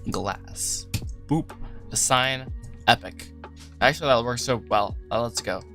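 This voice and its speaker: A man's voice: mid-range voice, normal speed. A man hosting a casual livestream while he works, rambling and self-deprecating, laughing often. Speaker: livestream host, animator. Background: soft lofi music.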